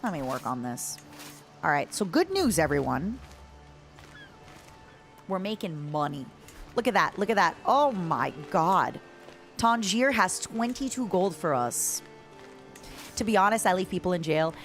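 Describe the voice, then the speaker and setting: A woman's voice: on the low side, big pitch swings, a little slow, long pauses. A woman streaming a strategy game, chatting in a playful, joking way with her viewers over faint background music. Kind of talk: casual gameplay chat.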